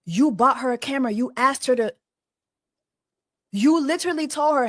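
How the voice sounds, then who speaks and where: A sassy, expressive woman co-host tells stories in a casual chat. Her voice is a bit high and comes across close and dry, with no room sound. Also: moderate pace, pauses often, no room sound.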